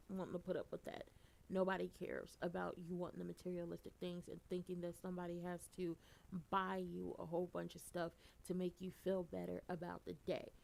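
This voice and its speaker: A woman giving a casual, animated recap, blunt and profane, and she gets loud for emphasis. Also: on the low side, creaky. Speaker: soap opera recapper.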